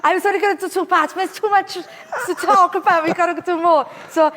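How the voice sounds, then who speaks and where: High, fast-talking woman host. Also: fairly even intonation, a bit bright. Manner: upbeat, quick interjections and wrap-ups. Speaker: interview host. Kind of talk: ministry interview. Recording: long reverb.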